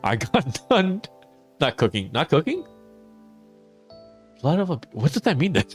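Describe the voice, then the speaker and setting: A man's voice: on the high side, big pitch swings, a little slow, slightly rough, soft background music. A man streaming a farming game, chatting casually with his viewers, answering chat and laughing often. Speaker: teacher. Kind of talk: casual live-stream chat while gaming.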